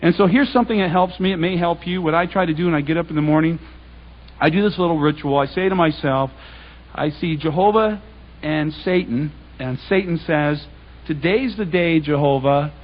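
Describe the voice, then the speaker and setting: A man's voice: a little high, a little fast. A man giving a public Bible talk, telling stories in a conversational way and acting out the dialogue. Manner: conversational storytelling, quoting others in dialogue. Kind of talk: anecdotal sermon. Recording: dull lo-fi recording.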